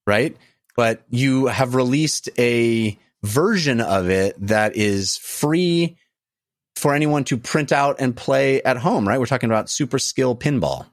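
A man's voice: mid-range voice, dry recording, studio quality. A man hosting a podcast in a casual, enthusiastic chat. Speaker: podcast host.

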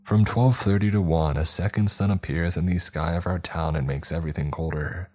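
A man narrating a first-person horror story in a calm storytelling voice with dry asides. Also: low-pitched, fairly quick, faint music behind. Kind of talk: scripted narration.

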